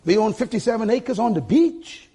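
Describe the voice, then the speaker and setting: An older man preaching a sermon to a church congregation with a husky voice, emphatic and calling for responses. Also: high-pitched, lively intonation, normal speed, mellow. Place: church sanctuary.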